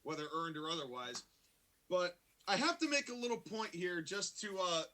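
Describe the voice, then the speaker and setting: A man's voice: high voice, very animated, pushed and bright. A man co-hosting a wrestling review podcast in casual, joking banter. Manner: joking, teasing, quick asides. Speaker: wrestling show co-host.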